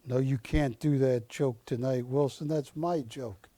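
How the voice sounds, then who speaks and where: A man's voice: mid-range voice, steady tone, a little slow, mellow, dry recording. A man hosting a live shopping-channel auction, joking and pleading with viewers as he calls out the bids. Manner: jokey, pleading with viewers, rising calls of going once, going twice. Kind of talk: live on-air auction calling. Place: TV studio.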